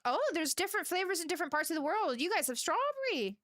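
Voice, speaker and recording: A woman's voice: extremely high pitch, big pitch swings, fast, a bit bright, dry recording, clean studio sound. A woman livestreamer chatting casually with her live audience, giggling often and reading viewer messages aloud.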